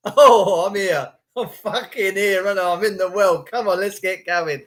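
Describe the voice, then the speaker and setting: A middle-aged Englishman delivers a crude, rambling monologue. He swears freely and mocks people. He often jumps up into high, mimicking voices. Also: takes it slowly. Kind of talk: casual ranting monologue.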